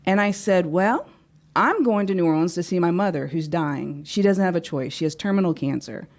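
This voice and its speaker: A woman with a somewhat low voice tells a personal story as a studio interview guest. She is an animated storyteller who acts out both sides of a conversation. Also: normal speed. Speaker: guest speaker and life coach. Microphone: studio microphone.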